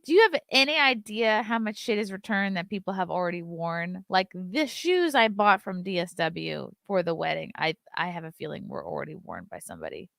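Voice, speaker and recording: Gravelly low-voiced woman hosting a stream. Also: expressive, fairly quick, few pauses, a bit bright, no room sound, clean studio sound. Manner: chatty and loose, reads viewer chat aloud and swears casually. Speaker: live-stream show host. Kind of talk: casual live-stream chat.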